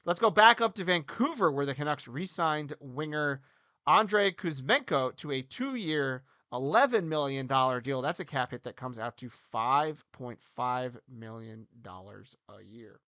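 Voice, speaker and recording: A man in his thirties co-hosting a casual hockey podcast, joking and animated, swinging between loud bursts and quiet asides. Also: fairly high pitch, no echo. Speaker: podcast co-host, hockey coach. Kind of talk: casual sports podcast chat.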